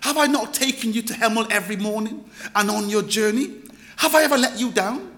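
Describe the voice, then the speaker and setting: A man's voice: high voice, a little fast, pushed and bright. A man voicing a loyal talking car in a sermon, asking earnest, reproachful questions. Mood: pleading.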